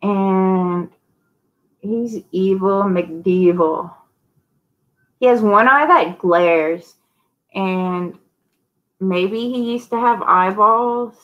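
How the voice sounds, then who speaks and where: A woman's voice: mid-range voice, drawn-out words, long pauses, muffled recording. A woman hosting a casual live-stream sale, chatty and rambling, greeting viewers by name. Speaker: host of a live online sale.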